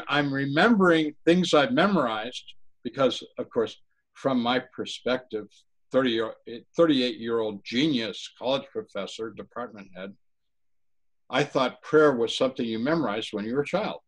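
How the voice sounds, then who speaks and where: A man giving an earnest personal testimony in an interview, talking haltingly with frequent restarts. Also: medium pitch, poor audio. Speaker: interview guest.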